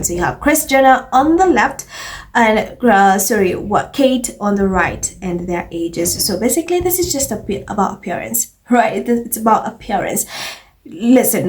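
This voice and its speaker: Woman commentator, casual and sarcastic, voice sits a bit high. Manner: chatty, animated, sarcastic asides. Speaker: commentary vlogger.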